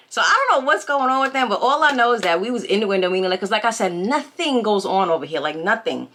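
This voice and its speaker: A woman vlogger talks to her viewers from home in a loose storytime chat. Her voice is bright and pointed. She retells the story with lively gossip and keeps asking her audience rhetorical questions. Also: medium pitch, quick pace, hardly any pauses. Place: home, by a window.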